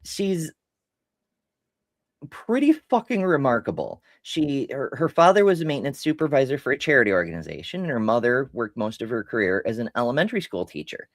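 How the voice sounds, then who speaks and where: A woman's voice: a bass voice, very animated, fairly quick, no room sound. A woman co-hosting a podcast, reading out viewer comments and answering them in a frank, casual way. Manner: reads out chat messages, then comments with frank, blunt remarks. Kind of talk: casual chat.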